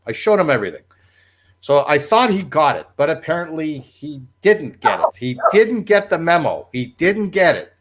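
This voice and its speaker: A man's voice: on the high side, normal speed. A man, a former radio producer, telling a long, rambling story on a livestream and laughing along as he tells it. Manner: rambling, animated, laughs at his own story.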